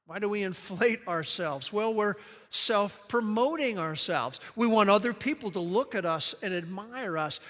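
Male pastor, emphatic sermon delivery, bright ringing tone, long hall reverb. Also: high voice, normal speed. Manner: emphatic, varies pace, engages congregation with questions. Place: church sanctuary.

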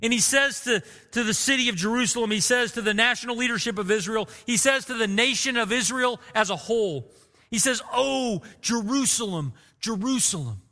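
A man's voice: extremely high pitch, brisk, pushed and bright, in a large hall. A man preaching a sermon as pastor, earnest and emotive, repeating phrases for emphasis.

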